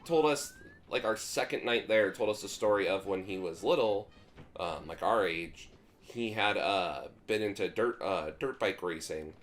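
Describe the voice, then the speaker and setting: A young man on a gaming podcast, casually telling a rambling, animated story with lots of "like". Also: on the low side, moderate pace, a little hiss or hum. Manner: animated, rambling, acts out quotes. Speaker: podcast co-host.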